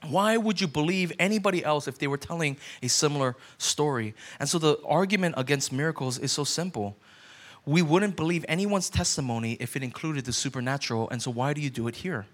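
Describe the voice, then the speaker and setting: High-voiced male pastor preaching. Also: lively intonation, a little fast. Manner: conversational preaching, acts out doubters' voices. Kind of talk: sermon.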